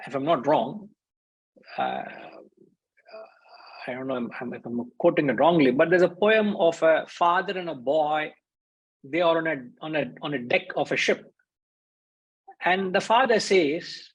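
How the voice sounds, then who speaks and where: A man's voice: fairly high pitch, a little slow, long pauses, breathy edge, rough recording. A man giving a conversational spiritual discourse as a teacher, briefly acting out the voices in his stories. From India.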